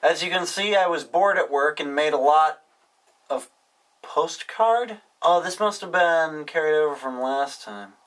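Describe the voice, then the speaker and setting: A man's voice: fairly high pitch, a little slow, fairly bright tone, distant mic, poor audio. Dry-witted young man reading fan mail. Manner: dry, wisecracking asides. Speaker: YouTuber reading viewer mail. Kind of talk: casual vlog, reading postcards aloud.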